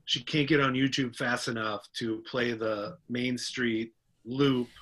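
Podcast guest: man with a bright, forceful tone, easygoing delivery. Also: mid-range voice, steady tone, slow pace. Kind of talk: casual chat.

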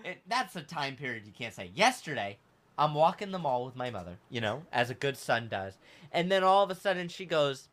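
A young man hosting a podcast, telling a story in a casual, animated way and breaking into loud outbursts. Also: on the high side, brisk. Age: young adult. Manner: animated, acts out quoted voices, loud outbursts. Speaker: podcast host.

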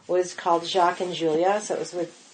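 A woman's voice: lowish voice, a little fast. A woman guest on a podcast, telling stories in casual chat, full of "like" and "you know", and acting out what people said. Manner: animated storyteller, lots of "like" and "you know", acts out quotes. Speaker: guest, pastry chef.

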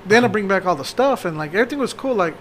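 High-voiced man rambling at speed. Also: animated, racing, a bit bright, slight background noise. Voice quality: rambling, swears often. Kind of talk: casual chat.

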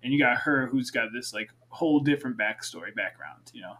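A man on a casual podcast panel, talking in an animated, playful way and piling up questions. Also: mid-range voice, a little fast, slight background noise.

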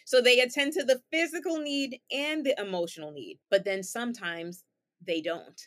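A woman's voice: fairly high pitch, moderate pace, fairly bright tone. Woman therapist explaining with everyday examples. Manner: patient, explains with examples and rhetorical questions. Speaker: guest therapist. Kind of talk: explanatory interview talk.

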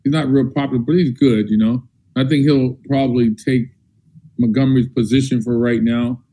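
A man's voice: medium pitch, fairly even intonation, normal speed, dark tone, poor audio. Folksy man, easygoing football chat. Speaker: guest. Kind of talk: casual phone-in sports chat.

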